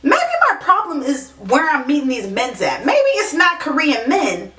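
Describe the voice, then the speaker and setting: A woman vlogger telling funny dating stories in a sassy, animated way, with many asides. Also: high-pitched, normal speed, crowd noise. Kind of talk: comedic storytelling to camera. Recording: echoey room, mic at a distance.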